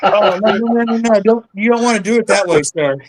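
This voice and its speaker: A man's voice: high voice, fairly quick, very noisy. A man in casual chat, with joking banter.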